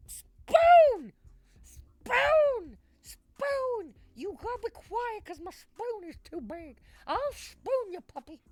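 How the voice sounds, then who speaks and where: A woman putting on a shrill, manic, silly voice, yelling about her spoon. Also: no echo, heavily acted.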